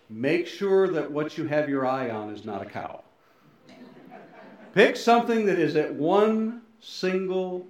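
A middle-aged male pastor giving a sermon, swinging between loud emphasis and soft, low endings, with folksy, self-deprecating asides. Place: church sanctuary. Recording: very echoey church hall.

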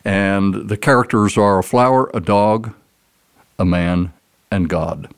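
Low-voiced male guest, earnest storyteller, lively delivery in a conversational interview. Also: slow pace, clean tone. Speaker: guest speaker.

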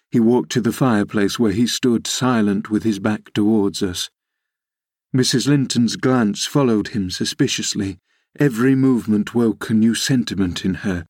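A man narrating a classic novel as a podcast audiobook reader in a measured, even manner. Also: lowish voice, slightly rough, no room sound, studio quality. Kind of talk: scripted narration.

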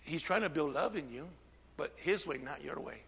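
A man preaching a sermon as pastor, calling out amen and drawing the congregation in, swinging from shouting to a near whisper. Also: fairly high pitch, animated, normal speed, gravelly, in a large hall. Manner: peppers speech with amen and call-and-response. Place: church sanctuary.

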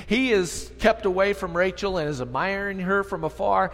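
A man preaching a sermon, telling the story in an animated, conversational way. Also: high voice, normal speed. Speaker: pastor. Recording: long reverb hall.

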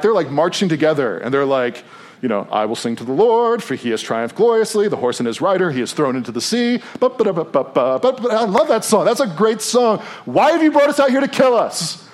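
A pastor giving a conversational sermon to a room, acting out quotes in a lively, expressive way. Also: male voice. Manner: animated, acts out quotes with big pitch jumps. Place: church room with audience.

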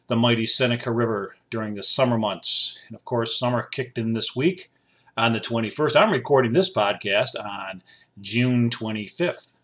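A man's voice: medium pitch, fairly bright tone. A man in his sixties from upstate New York hosting a podcast from a home studio, riffing playfully in a rambling, repetitive monologue. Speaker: podcast host.

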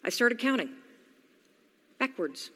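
A woman's voice: a little high, big pitch swings, takes it slowly, a bit bright. A woman in her forties giving a motivational talk, telling her own story and acting out her inner dialogue. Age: 40s. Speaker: motivational speaker. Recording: long hall reverb.

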